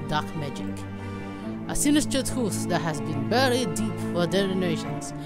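A woman's voice: lowish voice, very animated, moderate pace, over loud music. Woman doing a grave male doctor with put-on accent. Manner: grave, formal reading.

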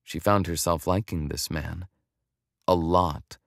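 Low-voiced male audiobook narrator. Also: fairly even intonation, slow pace, creaky, dry recording, clean studio sound. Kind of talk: scripted romance narration.

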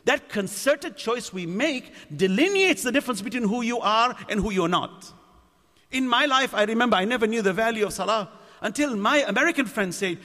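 A man's voice: very high-pitched, animated, fairly quick, bright, forceful tone. A man delivering a sermon at a mosque gathering, asking the audience rhetorical questions. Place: community centre lecture hall. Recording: long hall reverb.

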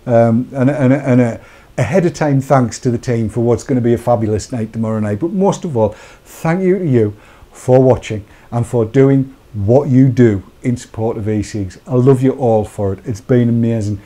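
A man's voice: medium pitch, normal speed. A man co-hosting a live-streamed talk show, chatty and joking with asides. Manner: jokey, chatty, animated asides. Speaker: co-host of a vaping talk show. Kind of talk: casual live-stream chat.

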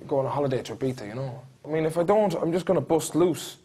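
A cocky young rural Irish lad. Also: male voice, fairly high pitch, lively intonation, quick pace, dark tone, slightly rough. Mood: brash. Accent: Irish, Mayo. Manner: cocky rural Irish slang, brash and rambling. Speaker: job seeker.

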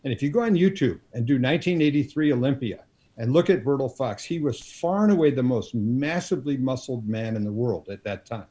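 A man in his sixties, a guest on an interview show, telling unhurried anecdotes with plenty of ums and you-knows. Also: medium pitch, animated, warm tone, dull audio. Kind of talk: storytelling in a casual interview.

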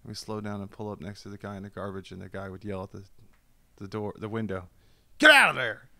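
Joking man, smooth low voice. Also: level tone, fast. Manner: jokey storyteller, laughs often. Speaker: comedian guest. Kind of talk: casual podcast chat.

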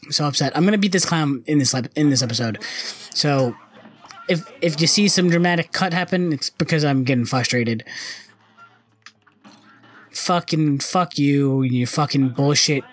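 A man's voice: on the high side, lively intonation, brisk, husky, no echo, soft background music. A young man commenting on his own gameplay, frustrated and cursing often. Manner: frustrated, swearing, muttering.

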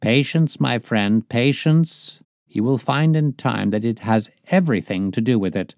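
A man's voice: a little slow, creaky, no echo, clean studio sound. A man reading aloud, voicing a brilliant and self-assured male detective in a raised, emphatic tone. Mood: patient. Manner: higher, louder, emphatic delivery.

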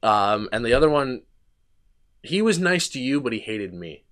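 A young man tells a rambling personal story on a casual podcast. He restarts his sentences, drops in fillers and swears as he goes. His pitch sits right in the middle for a man. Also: sing-song, moderate pace, a bit bright. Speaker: podcast host.

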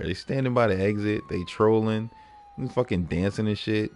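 A man streaming games, telling stories in a profane, animated way and laughing often between lines. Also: lowish voice, measured pace, creaky, slight background noise. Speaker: gaming livestreamer. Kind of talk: casual livestream commentary.

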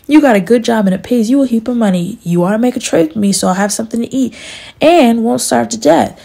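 A woman's voice: on the high side, animated, quick pace, vocal fry, mellow, pitched above the performer's own voice. A woman voicing an aging, self-pitying male farmer who pleads and complains in a storybook reading. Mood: pleading.

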